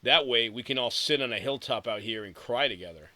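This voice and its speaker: A woman's voice: low voice, lively intonation, normal speed, bright, forceful tone, no echo, pitched above the performer's own voice, heavily acted. A man voicing Chili, a sarcastic lost young woman. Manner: sarcastic and grumbling.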